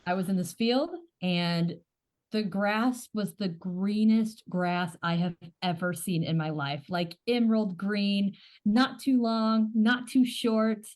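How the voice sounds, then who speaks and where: A woman's voice: mid-range voice, slow pace, darkish tone. Eager woman podcast host. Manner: curious, eager, searching for words. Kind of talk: casual chat.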